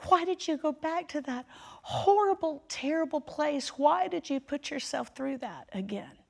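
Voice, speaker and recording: A woman's voice: high voice, expressive, a little slow, creaky, voice pushed up, full character voice. A woman voicing a worried older aunt who anxiously scolds her niece. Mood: distressed.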